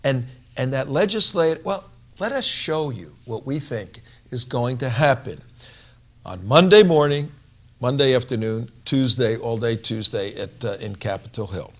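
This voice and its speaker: Halting male live-stream host. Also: medium pitch, expressive. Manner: halting, many restarts and fillers. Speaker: show host and sketch director. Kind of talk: live-stream talk and improvised sketch.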